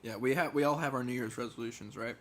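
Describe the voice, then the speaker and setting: A young man co-hosting a podcast, chatting casually at home and telling stories with slang and animated quoting. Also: medium pitch, fast, over a noisy crowd. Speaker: podcast co-host. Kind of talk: casual chat. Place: apartment.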